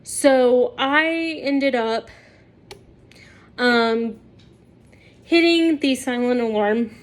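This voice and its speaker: A woman's voice: fairly high pitch, extremely slow. A woman vlogger telling a story to her viewers in a chatty way, often laughing as she talks. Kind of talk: casual storytelling to camera.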